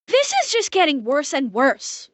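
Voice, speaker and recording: A young woman streamer giving blunt, profane live reaction commentary, ranting quickly. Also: sits high, big pitch swings, dry recording.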